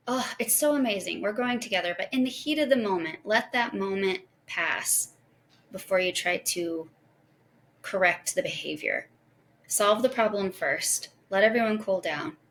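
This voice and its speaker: Earnest lady podcaster, gentle advice, faint hiss behind her. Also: medium pitch, moderate pace. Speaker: podcast host. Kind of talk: casual podcast monologue.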